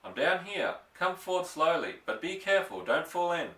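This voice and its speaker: A man's voice: fairly high pitch, big pitch swings, moderate pace, recorded from a distance, voice pushed up. A man voicing a trapped, injured father, tender. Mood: calling urgently. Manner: calling out, then gentle and reassuring. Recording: roomy, off-mic.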